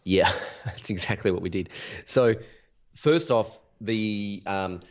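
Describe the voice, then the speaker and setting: A man with a very low voice explains his business to an interviewer, energetic and full of examples, often restarting a thought. The sound is dull and lo-fi. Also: slow pace. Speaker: interview guest, business founder. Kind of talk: casual conversational interview. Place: Sydney.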